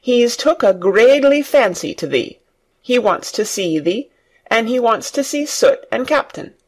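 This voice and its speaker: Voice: mid-range voice, expressive, moderate pace. A reader doing a cheerful country farm boy. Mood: eager. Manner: broad country dialect, eager. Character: cheerful Yorkshire farm boy, nature-loving. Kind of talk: audiobook reading for learners.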